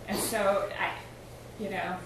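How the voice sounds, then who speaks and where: A woman asks a question from the audience, pausing to search for her words. She sits well away from the mic, so her voice comes through a very echoey hall. Clear background noise sits under her. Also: mid-range voice, flat delivery, far from the mic. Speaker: audience member asking a question.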